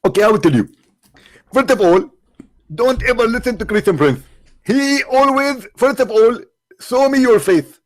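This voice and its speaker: A smug, self-satisfied male preacher, played for laughs in a high, taunting voice, as a man mimics him. The pitch sits well above an ordinary man's, and every line comes out exaggerated and mocking. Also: lively intonation, moderate pace, long pauses. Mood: exasperated.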